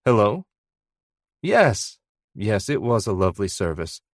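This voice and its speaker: A man's voice: fairly low pitch, very animated, measured pace, no room sound, clean studio sound. A man narrating an audiobook, voicing a courteous man speaking politely on a phone call.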